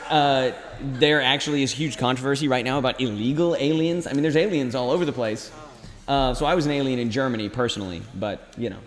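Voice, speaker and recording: A man's voice: mid-range voice, fast. A man co-hosting a live school podcast, talking in a laid-back way with dry jokes. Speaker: teacher and podcast co-host. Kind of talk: casual live show banter. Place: school gym. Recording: echoey gym with long reverb.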